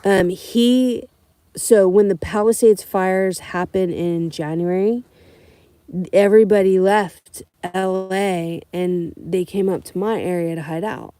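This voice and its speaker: A woman's voice: mid-range voice, takes it slowly, dry recording. Blunt, foul-mouthed woman telling stories. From California. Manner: blunt, profane, animated storytelling. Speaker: rideshare driver. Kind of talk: casual livestream storytelling.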